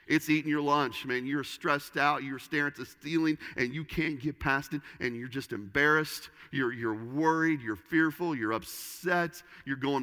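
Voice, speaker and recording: Bright-voiced preacher in a reverberant hall. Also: male voice, medium pitch. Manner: dynamic, swings between loud emphasis and hushed lines. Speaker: pastor. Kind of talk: sermon.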